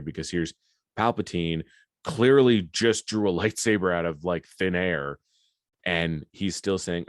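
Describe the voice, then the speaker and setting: A man's voice: low-pitched, normal speed, no echo. A man hosting a podcast in casual chat, rambling and swearing with enthusiasm at a close mic. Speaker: podcast host.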